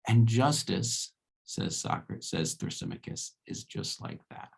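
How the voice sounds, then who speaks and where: A man's voice: on the low side, huge pitch swings, unhurried, vocal fry, slightly rough. A man giving a casual philosophy lecture, talking conversationally and checking in with rhetorical questions.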